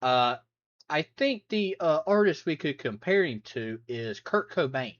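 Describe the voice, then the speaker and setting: A reaction host chatting casually and excitedly, with loud sudden outbursts. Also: mid-range voice, measured pace. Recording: dull, dry close sound.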